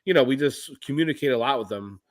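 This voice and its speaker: A man's voice: medium pitch, expressive, quick pace. A man with a cold co-hosting a livestreamed toy podcast, blunt and joking in casual chat. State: sick with a cold. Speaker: podcast co-host.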